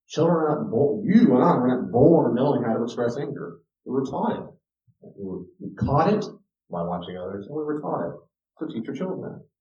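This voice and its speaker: Male speaker, mellow timbre, emphatic teaching delivery, distant dull room recording. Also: medium pitch. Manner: emphatic, repeats key words, addresses listeners directly. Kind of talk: teaching talk to an audience. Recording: roomy, distant, dull lo-fi sound.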